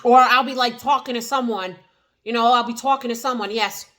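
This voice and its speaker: A woman's voice: a little high, fairly even intonation, brisk, fairly bright tone. A woman with a New Jersey accent chatting casually to the camera in an eat-and-chat vlog, rambling with many fillers and restarts. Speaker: vlogger.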